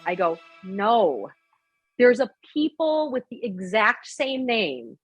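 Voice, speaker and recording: A woman hosting a casual conversation, telling stories in an animated way and laughing often. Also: mid-range voice, slow, soft background music. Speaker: host.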